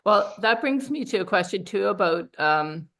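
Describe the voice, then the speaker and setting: A woman hosting an interview, leading into her next question in a relaxed, chatty way. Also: mid-range voice, moderate pace. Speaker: interview host. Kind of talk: casual interview chat.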